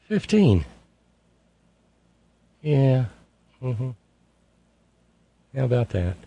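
A man's voice: medium pitch, gravelly, mellow, husky, dry recording. A middle-aged man hosting a call-in radio show, sardonic, reading listener messages aloud in mocking voices. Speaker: radio talk show host.

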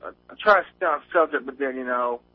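Over a tinny phone line, a man calls in to a radio show from outside on a windy day. His voice is medium-pitched and quick, and he sounds nervous, rambling through his chat with lots of fillers and restarts.

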